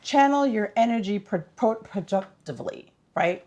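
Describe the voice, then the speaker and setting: A woman's voice: medium pitch, expressive, normal speed, darkish tone. A woman vlogger giving casual tips in an upbeat, chatty, instructive way.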